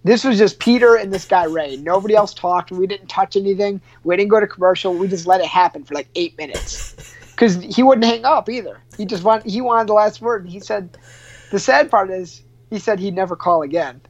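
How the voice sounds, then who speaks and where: A man's voice: high-pitched, brisk. A man working as a radio show producer, telling a funny story in a loose, chatty way with lots of restarts and laughs. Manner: laughs often, many restarts and fillers. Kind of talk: casual storytelling. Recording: muffled lo-fi sound.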